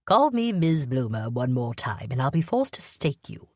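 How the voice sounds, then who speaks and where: Lady reading as a sick old woman who sees right through people, teasing and wry, low voice swinging up and down. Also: very animated, normal speed, no room sound, studio quality, full character voice. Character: frail, blunt, sharp-eyed old woman, sick in bed. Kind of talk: audiobook character voice.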